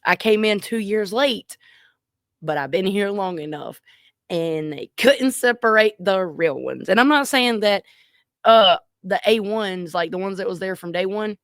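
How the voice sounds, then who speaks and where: A woman's voice: mid-range voice, fairly bright tone, dry recording, studio quality. A woman giving reaction commentary in an earnest, emphatic way. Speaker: reaction video host.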